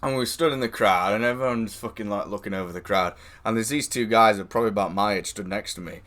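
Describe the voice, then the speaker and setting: A man's voice: lowish voice, fast talker, fairly bright tone. A man streaming live, telling a rambling anecdote with lots of swearing, laughing and quoted voices. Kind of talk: casual storytelling.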